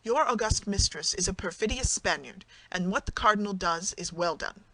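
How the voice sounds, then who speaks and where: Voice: mid-range voice, lively intonation, normal speed, bright, forceful tone, a little hiss or hum, poor audio. An audiobook narrator voicing a cowardly, greedy fifty-year-old mercer who speaks proudly and self-importantly. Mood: boastful.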